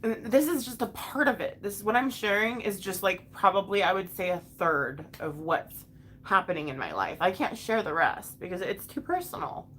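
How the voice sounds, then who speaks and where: A young mother talks straight to her viewers, venting in an emotional, blunt way and cursing freely. Her voice swings widely in pitch as she works through her thoughts. A faint hiss of noise sits behind her. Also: expressive, normal speed, a bit bright. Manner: emotional, frank, swears often, restarts sentences. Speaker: vlogger and mother. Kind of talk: casual venting to a live chat.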